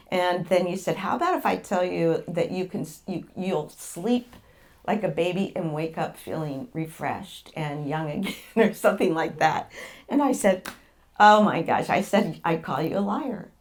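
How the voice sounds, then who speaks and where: A woman's voice: on the low side, darkish tone. A middle-aged woman, telling her own story as a patient guest, rambling, repeating words and laughing as she goes. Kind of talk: candid personal storytelling.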